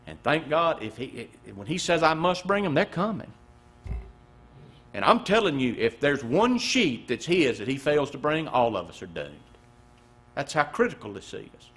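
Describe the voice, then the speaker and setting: Male pastor, high and lively voice, emphatic pulpit preaching with sudden soft drops. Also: unhurried, pauses often, breathy edge. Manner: preaching with wide swings between loud emphasis and hushed low passages. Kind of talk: sermon. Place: church.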